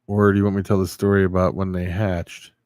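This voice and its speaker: A man's voice: deep voice, little pitch movement, fast talker, darkish tone, dry recording, studio quality. A man hosting a casual livestream, answering viewers and rambling through a story. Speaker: livestream host.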